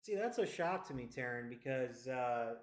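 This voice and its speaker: A man's voice: medium pitch, expressive, moderate pace. A man streaming a video game, telling a story in casual, rambling chat with frequent swearing and restarts. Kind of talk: casual chat while gaming.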